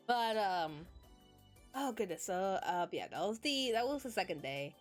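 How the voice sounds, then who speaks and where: A woman's voice: mid-range voice, expressive, measured pace, faint music behind. A young woman streamer chatting casually, rambling and giggly with lots of fillers, sleepy and yawning. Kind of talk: casual chat.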